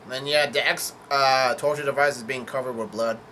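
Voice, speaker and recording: Here a man reads and sums up a manga chapter in a relaxed, halting way, stumbling through fillers and fixing his own words. His medium-pitched voice is steady, brisk and sharp-toned, with a faint hiss or hum behind it.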